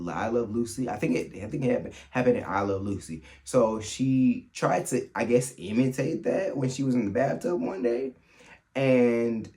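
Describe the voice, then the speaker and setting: Male podcast host, mid-pitched, casual animated storyteller, chatty solo delivery. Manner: animated, laughs through his stories, quick asides.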